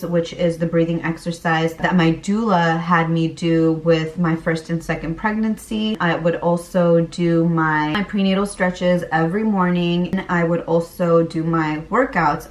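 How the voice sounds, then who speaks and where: A young woman vlogging candidly and chattily about her pregnancy, laughing now and then as she recalls things. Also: fairly low pitch. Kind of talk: casual pregnancy vlog talk. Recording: roomy, a bit far from the mic.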